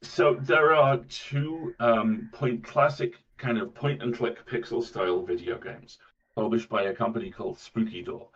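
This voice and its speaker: A man who is a voice actor, telling stories in a casual interview with enthusiastic, halting restarts. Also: medium pitch, a bit bright, recorded from a distance, lo-fi sound. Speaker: voice actor guest.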